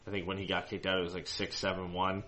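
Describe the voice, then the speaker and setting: A man with a very deep voice co-hosts a casual fan podcast. He talks in long, loose sentences and keeps restarting his thoughts. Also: completely flat delivery, quick pace, pushed and bright. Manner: rambling, many restarts and fillers. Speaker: co-host of a hockey fan show.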